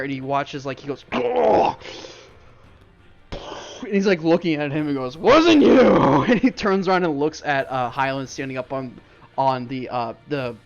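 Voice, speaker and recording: A man's voice: medium pitch, dull audio. A man narrating a tabletop game as game master, loose and profane, laughing often. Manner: laughing, profane, loose storytelling with many fillers.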